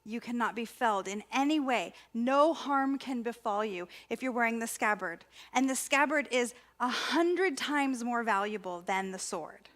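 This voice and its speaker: A woman's voice: fairly high pitch, animated, moderate pace, hardly any pauses, fairly bright tone. A woman quoting a firm old wizard. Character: wise old wizard Merlin, firm and correcting.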